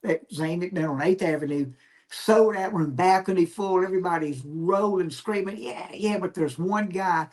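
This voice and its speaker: A male comedian, a guest on a podcast, telling stories in an animated, reflective way about his craft. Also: high-pitched, moderate pace. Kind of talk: casual storytelling chat.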